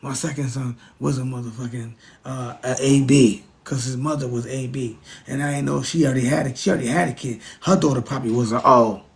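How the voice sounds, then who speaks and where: A man's voice: mid-range voice, fairly even intonation, a little fast, creaky. A middle-aged man from the United States, ranting in a casual monologue, emphatic, preachy and repetitive, with frequent profanity. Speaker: vlogger.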